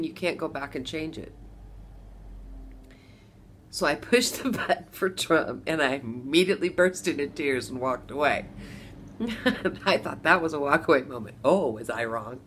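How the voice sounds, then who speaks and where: A middle-aged woman from Las Vegas telling a personal story to camera, animated, with bursts of laughter between lines. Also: deep voice, unhurried, long pauses, slight background noise. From Las Vegas, USA. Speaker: vlogger.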